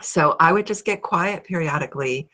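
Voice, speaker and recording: A middle-aged woman from Ohio, a guest in an interview, telling her story in a lively way and acting out her own thoughts. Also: on the low side, moderate pace. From Ohio, USA. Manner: animated, acts out her own thoughts in a raised voice.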